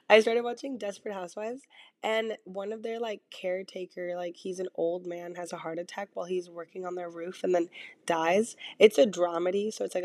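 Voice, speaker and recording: Hoarse young woman rambling casually. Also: medium pitch, a little mellow, no echo, clean studio sound. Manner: rambling, frequent "like" fillers, swears casually. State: hoarse, lost voice from illness. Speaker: podcast host. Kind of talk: casual solo podcast chat. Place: in bed at home.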